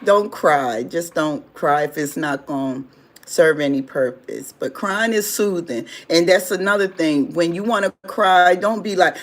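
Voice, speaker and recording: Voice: mid-range voice, unhurried. A livestream host chats casually with viewers. The speech is loose and rambling, full of repeated phrases and everyday advice. The tone stays conversational rather than scripted. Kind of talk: casual livestream talk answering viewer chat.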